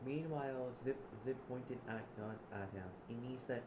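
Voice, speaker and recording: A man narrates his moves in an improvised role-play, stalling and repeating words before he finds the next one. His voice sits mid-range. The room rings, and steady noise runs behind him. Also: mid-range voice, normal speed, hardly any pauses. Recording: roomy, noisy background.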